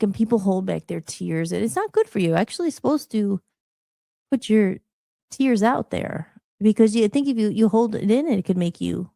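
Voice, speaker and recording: Woman podcast host, mid-pitched, casual and rambling, dry close sound. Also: gravelly, warm tone, no echo. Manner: rambling, chatty, self-interrupting. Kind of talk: casual live-show chat.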